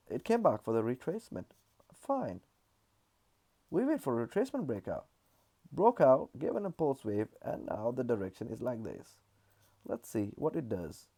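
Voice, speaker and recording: A man's voice: medium pitch, vocal fry, dark tone, husky. A man casually walking through market charts, explaining in a loose, repetitive way with frequent fillers. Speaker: trading analyst.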